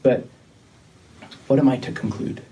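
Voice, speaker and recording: A man leading a church disciplinary meeting, talking in a measured, insistent way that often repeats itself. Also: dark tone. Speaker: church leader. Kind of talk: tense meeting conversation. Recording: distant mic with faint noise.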